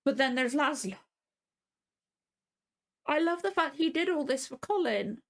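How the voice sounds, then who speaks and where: A woman's voice: high voice, lively intonation, a little slow. A woman, teary and emotional, rambling and gushing with many restarts as she hosts a reaction vlog. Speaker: reaction channel host. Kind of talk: casual reaction vlog chat.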